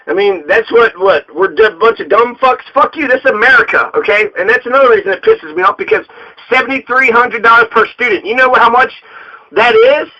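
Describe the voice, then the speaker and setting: A man's voice: extremely high pitch, big pitch swings, brisk. A man from Colorado, a local political candidate, delivering an angry, profane political rant full of swearing. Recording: dull lo-fi recording.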